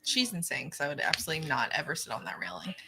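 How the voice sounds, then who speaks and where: A woman's voice: deep voice, big pitch swings, racing, creaky, crowd noise. A woman from the rural Midwest co-hosting a watch-party stream, reading chat and joking bluntly with lots of swearing. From rural Midwest of the United States. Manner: laughs often, swears, blunt. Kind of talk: casual joking commentary.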